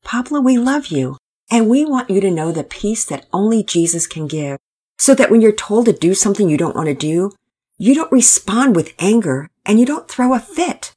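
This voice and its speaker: A woman voicing a patient but firm father in a storybook, speaking calmly and steadily. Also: mid-range voice, normal speed, slightly rough, voice pushed up.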